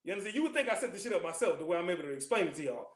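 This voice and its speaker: Casting: high-voiced man, quick streetwise scripture class teacher, joking, echoey room. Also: very animated. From California. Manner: loose, joking, streetwise slang, constant check-ins with listeners. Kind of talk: casual scripture class talk.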